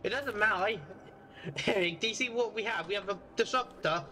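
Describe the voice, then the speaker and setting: A man's voice: high-pitched, moderate pace. A man talking in game voice chat, upbeat and joking with his teammates. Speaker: gamer.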